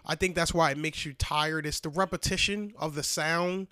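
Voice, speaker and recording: A man's voice: fairly high pitch, steady tone, moderate pace, bright, forceful tone, smooth, dry recording, studio quality. A man co-hosting a podcast in casual chat, congested and a little muffled, talking in a laid-back, rambling way. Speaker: podcast co-host.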